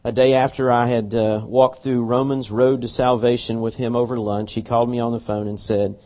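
A man's voice: mid-range voice, level tone, brisk. A man preaching a sermon, telling a story earnestly and animatedly, often restarting his words. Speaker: pastor. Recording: dull lo-fi sermon recording.

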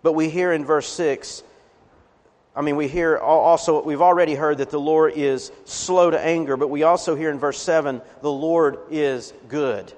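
A man's voice: fairly high pitch, steady tone, normal speed, a little mellow. A man preaching a sermon as a pastor, earnest, swelling with emphasis on key words. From Appalachian region of the US. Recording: reverberant hall.

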